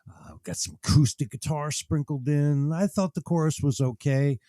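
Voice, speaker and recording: A man's voice: a little high, normal speed, mellow, no echo, clean studio sound. A man co-hosting a music review podcast in laid-back, brief casual chat. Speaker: podcast co-host reviewing albums.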